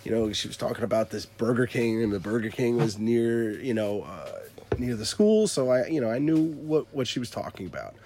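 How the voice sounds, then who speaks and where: A man's voice: mid-range voice, animated, brisk, mellow, a little hiss or hum. Rambling man telling a casual story. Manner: rambling, self-correcting, laughs often. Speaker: podcast co-host telling a story.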